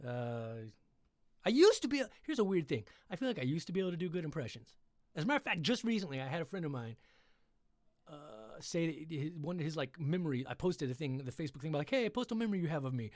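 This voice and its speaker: A man's voice: a little high, very animated, dry recording, clean studio sound. Rambling self-deprecating man streaming. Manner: rambling, self-deprecating asides, quick and quiet. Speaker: livestream host reading stories. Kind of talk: casual chat on a livestream. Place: home computer setup.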